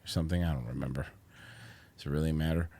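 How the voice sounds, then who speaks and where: A man's voice: rumbling low, steady tone, quick pace, mellow. A male podcast host in casual comedic chat, loose and joking, bossing a chatbot around.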